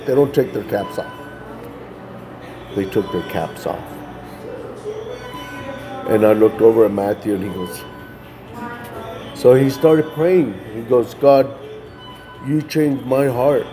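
A man's voice: lowish voice, expressive, slow, long pauses, over music. A man casually telling a personal testimony, loose and conversational, often tossing in "man" and restarting phrases. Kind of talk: casual storytelling.

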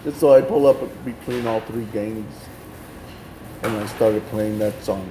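A man telling a long personal story in a casual interview, animated and laughing as he acts out what everyone said. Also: fairly low pitch, unhurried, noisy background. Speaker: guest telling his ministry story.

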